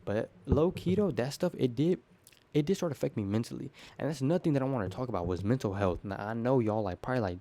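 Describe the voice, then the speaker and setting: A teenage boy spills his story straight to the camera at a quick clip, full of slang and swearing. His voice is warm and dark. He keeps it loose and animated, jumping from point to point. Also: medium pitch. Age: teens. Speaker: teen vlogger. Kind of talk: casual rambling monologue to camera.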